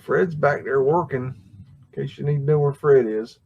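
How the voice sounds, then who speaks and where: A man's voice: mid-range voice, moderate pace, vocal fry, muffled recording, slight background noise. A man hosting a livestream, talking casually through old photographs in a rambling way, with many fillers and restarts and frequent chuckles. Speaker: livestream host.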